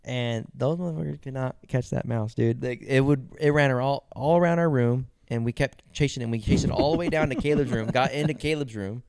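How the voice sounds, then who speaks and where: A young man co-hosting a podcast, telling stories in casual chat, animated and profane, laughing often. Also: medium pitch, fairly quick, vocal fry, hardly any pauses, clear, resonant tone, dry recording. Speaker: podcast co-host.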